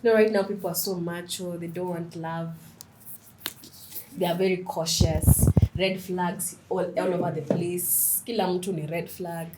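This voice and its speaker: A woman's voice: on the low side, a little slow, heavy background noise. A young woman, a writer, chatting as a podcast guest, telling stories animatedly and slipping in Swahili phrases. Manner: lively, animated storytelling, mixes in Swahili phrases. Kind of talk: casual interview chat.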